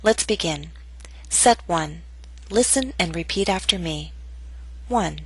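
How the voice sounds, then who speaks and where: A woman teaching English pronunciation, reading scripted instructions and slow model sentences for learners to repeat. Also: fairly low pitch, lively intonation, slightly rough, low-quality recording.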